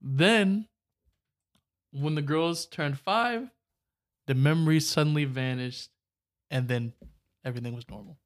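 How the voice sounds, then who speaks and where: A man's voice: a little high, a little slow, long pauses. A man co-hosting a casual podcast, telling a story and joking around with his co-host. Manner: joking, laughs often, mock Aussie "mate" asides.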